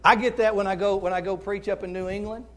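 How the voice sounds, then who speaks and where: Southern male preacher, high voice, folksy sermon style, swings between hushed and shouting. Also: fairly even intonation, fast. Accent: Southern American. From American South. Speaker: guest preacher.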